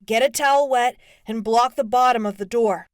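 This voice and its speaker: A woman's voice: fairly high pitch, moderate pace, dry recording, studio quality, voice pushed up, natural voice. A woman voicing a teenage boy who gives urgent, commanding instructions over the phone.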